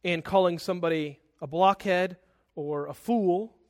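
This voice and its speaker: Guy preaching, high-ish voice, animated, keeps correcting himself. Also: a little slow. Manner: animated, acts out angry outbursts, self-correcting asides. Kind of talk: sermon.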